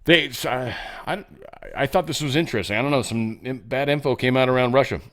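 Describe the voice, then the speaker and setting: A man's voice: mid-range voice, a little fast. Sarcastic man riffing on headlines. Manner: sarcastic, mocking asides. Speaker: show host. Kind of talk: casual news commentary.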